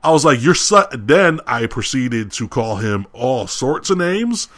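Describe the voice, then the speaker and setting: A man's voice: medium pitch, sing-song, a little slow. Young male podcast co-host, casual storyteller, heated and ranting. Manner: heated, ranting retelling with quoted shouting.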